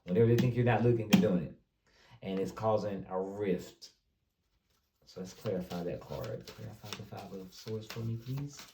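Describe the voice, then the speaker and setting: A man reads tarot casually, addressing his viewers directly in a loose, repetitive way. His voice is fairly low and warm at a normal pace, picked up by a distant mic in a roomy space with faint noise.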